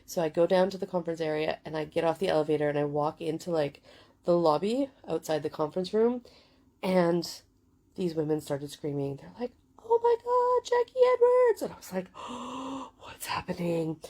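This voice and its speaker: A woman's voice: low voice, a little fast, dark tone. A woman in her forties telling a story in a chatty, casual way, full of fillers and swearing. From United Kingdom. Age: 40s. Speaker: vlogger.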